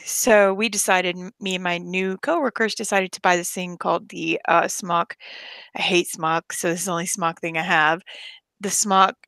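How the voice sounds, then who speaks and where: A chatty woman rambling through casual talk, her voice carrying a gravelly, fry-laden edge. The sound is dry and close, with no room around it. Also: mid-range voice, sharp tone, no echo. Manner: rambling, chatty, lots of fillers. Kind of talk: casual chat.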